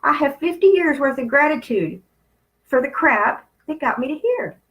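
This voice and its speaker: A woman's voice: high-pitched, lively intonation, moderate pace, poor audio. A woman in her fifties giving a candid spiritual talk, blunt and conversational with some profanity. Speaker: spiritual channel host.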